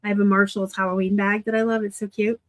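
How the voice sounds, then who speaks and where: A woman from Arizona hosting a casual live unboxing of thrift finds, chatty and quick to laugh at herself. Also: mid-range voice, level tone, dry recording. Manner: chatty, laughs easily, self-deprecating asides. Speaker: reseller host.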